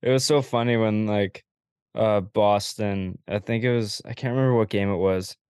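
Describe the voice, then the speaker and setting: A man hosting a casual sports podcast, relaxed and agreeable, laughing often and passing questions to guests. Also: on the low side, moderate pace, clean tone, no room sound, clean studio sound. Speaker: podcast host.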